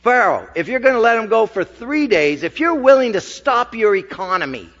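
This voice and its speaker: A male pastor preaching a sermon, talking with the congregation in a conversational, emphatic way and dropping into casual asides. His voice is a touch high for a man. It echoes with long reverb through a church hall on a dull, muffled recording. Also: very animated, moderate pace, fairly bright tone.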